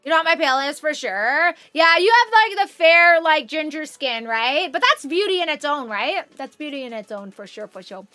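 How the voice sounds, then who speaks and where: A woman's voice: high-pitched, expressive, normal speed, few pauses, pushed and bright, no room sound, faint music behind. A young woman streaming from her room at home, chatting casually and rambling, with frequent swearing. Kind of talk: casual chat on a live stream.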